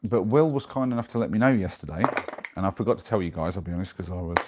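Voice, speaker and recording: Low-voiced man chatting on stream. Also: expressive, racing. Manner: chatty, reads out and answers viewer messages. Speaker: live streamer. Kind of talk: casual live stream chat. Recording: noisy with clicks.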